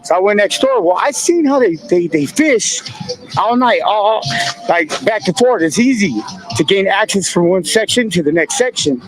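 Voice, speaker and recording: A man's voice: sits high, very animated, moderate pace, music in the background, poor audio. A man in his fifties casually telling stories from his past, using laid-back street slang and laughing now and then. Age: 50s. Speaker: guest. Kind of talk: casual storytelling.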